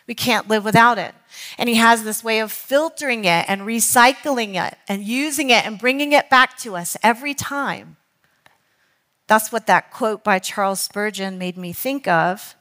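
A woman teaching a Bible study in church, earnest, reading quotations slowly and now and then correcting herself. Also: a little high, pushed and bright. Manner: earnest, reads quotes slowly, with self-corrections. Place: church hall.

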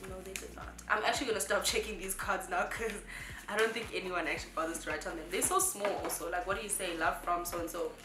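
A woman's voice: mid-range voice, quick pace. Gushing young woman vlogging. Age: 20s. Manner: gushing and effusive, chatty fillers. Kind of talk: casual unboxing chat. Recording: echoey room with background music.

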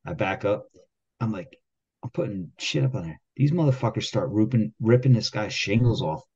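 A lower-voiced man rants his way through a work story, swearing in nearly every breath and shouting out the lines he threw at his coworkers. The recording sounds dull and lo-fi. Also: moderate pace, husky. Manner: heated, rambling, swears constantly, acts out quoted arguments loudly. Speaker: podcast co-host. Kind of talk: casual profane storytelling.

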